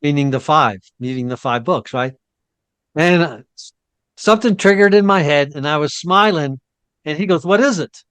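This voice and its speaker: A man co-hosting a casual discussion, telling an anecdote in a rambling, animated way. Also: a little high, moderate pace, clear, resonant tone, no echo. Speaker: co-host.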